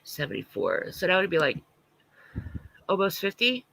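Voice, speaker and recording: A man's voice: sits high, wildly swooping pitch, moderate pace, vocal fry, bright, forceful tone, low-quality recording. A man hosting a casual livestream, talking bluntly and with plenty of swearing as he responds to viewer comments, sounding congested with a stuffy nose. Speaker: livestream host.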